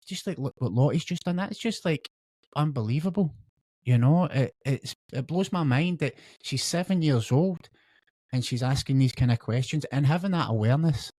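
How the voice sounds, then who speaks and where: A man's voice: medium pitch, mellow, dry recording. A man hosting a podcast conversation, enthusiastic and affirming as he talks with his guest. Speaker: podcast host. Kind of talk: casual conversational interview.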